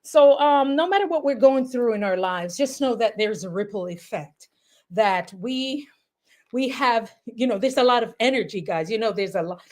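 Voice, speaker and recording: A young woman with a Jamaican accent and a high voice hosts a relaxed livestream. She chats freely with her viewers and reads their comments aloud. Her laughter comes often between stories. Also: normal speed. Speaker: livestream host. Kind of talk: casual livestream chat. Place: home in New York.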